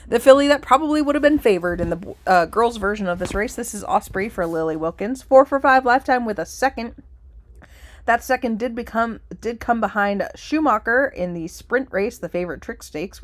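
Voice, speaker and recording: Female race caller and show host, slightly high voice; running calls with chatty, joking asides. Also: dry recording. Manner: rapid running call of horse positions; chatty, jokes between races. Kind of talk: horse race commentary.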